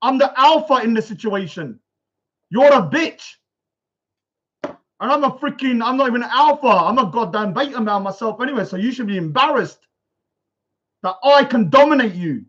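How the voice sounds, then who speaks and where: A high-voiced man rants on a livestream, loud and confrontational, hammering the same phrases again and again. The sound is dull and lo-fi, as from a basic home setup indoors. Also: animated, normal speed, long pauses. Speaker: livestream host. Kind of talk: ranting livestream chat. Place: indoors at a bungalow.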